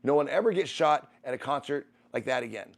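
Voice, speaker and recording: A man's voice: medium pitch, expressive, a little fast, vocal fry. A middle-aged man who streams, telling a personal story in a rambling way, restarting and repeating phrases.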